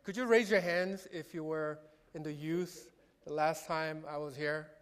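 A man preaches a relaxed, self-deprecating sermon as pastor. His voice sits high for a man. It rings with the long reverb of a church sanctuary. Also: unhurried, clear, resonant tone. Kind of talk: sermon with personal story. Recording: echoey hall reverb.

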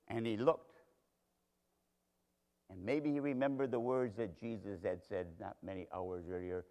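A man's voice: fairly low pitch, fairly even intonation, a little slow, pauses often, dark tone. A man preaching a sermon, telling a Bible story dramatically and speaking straight to its characters. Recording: long hall reverb.

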